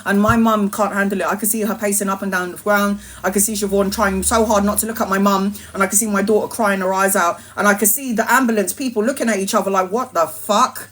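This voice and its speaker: Animated, swearing woman storyteller. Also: medium pitch, fast, few pauses. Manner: animated, swearing, laughing anecdote. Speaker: tarot reader, streamer. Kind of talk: casual storytelling on a live stream.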